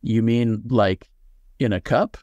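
A man's voice: fairly low pitch, slow, a little mellow, no room sound. A man reading a story aloud and voicing a nervous, flustered man fumbling a coffee order at a drive-thru. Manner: nervous, hesitant.

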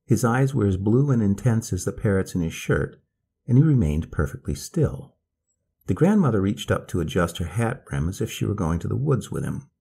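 A man reading a story aloud in a slow, measured manner. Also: low-pitched, creaky, a little mellow, breathy edge.

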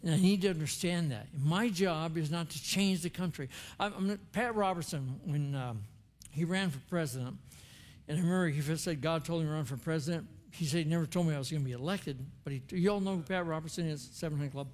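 A man's voice: on the high side, fairly quick, darkish tone. An older man, a former chaplain, preaching a sermon in an earnest, conversational storytelling way with emphatic turns. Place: church sanctuary.

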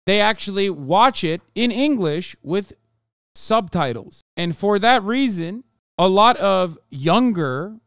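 A man's voice: high-pitched, animated, slow pace, fairly bright tone, smooth, no echo, clean studio sound. A young man streamer giving a profane, emphatic reaction rant, often repeating himself. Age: young adult. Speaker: streamer and commentator.

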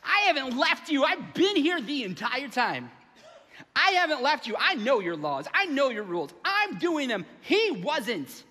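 A man's voice: very high voice, sing-song, unhurried, sharp tone, long reverb tail, pitched above the performer's own voice, full character voice. A man voicing a resentful, dutiful young older brother who complains indignantly and whines about unfairness.

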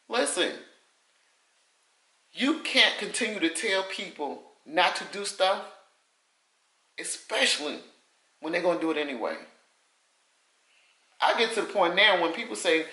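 A woman's voice: on the low side, moderate pace, sharp tone, reverberant, low-quality recording. A woman vlogger giving casual advice to the camera, emphatic and repeating her points with folksy sayings.

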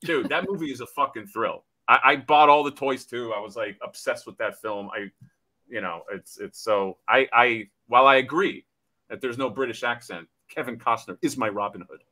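A man's voice: mid-range voice, moderate pace, pushed and bright. A man from Florida co-hosting a podcast, talking in an emphatic, profane, casual way. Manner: emphatic, swears a lot. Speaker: podcast co-host. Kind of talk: casual chat.

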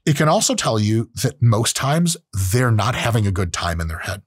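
Husky, animated man in his late thirties. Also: on the low side, moderate pace, no room sound. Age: late 30s. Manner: blunt and profane, with acted-out quotes. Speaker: host. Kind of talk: casual solo monologue.

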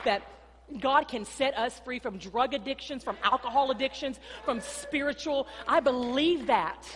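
Lady pastor preaching, kinda high voice, big echoey church hall, tells stories, lots of y'all. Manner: animated storytelling, addresses congregation as "y'all". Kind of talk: sermon. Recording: long hall reverb.

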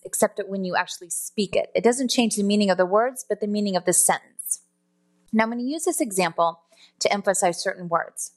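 A woman teaching customer service phone skills in a spoken lesson, explaining step by step and now and then correcting herself. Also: medium pitch. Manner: explanatory, self-correcting, demonstrates tones aloud.

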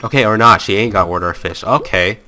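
A man's voice: fairly low pitch, fast talker, sharp tone, soft background music. Playful young man playing a game. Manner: playful, self-mocking, talks to viewers. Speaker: gaming channel host. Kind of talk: let's play commentary.

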